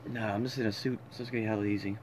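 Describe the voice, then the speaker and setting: A young man in casual chat among friends, calmly explaining wine terms in a laid-back way. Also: fairly low pitch, racing.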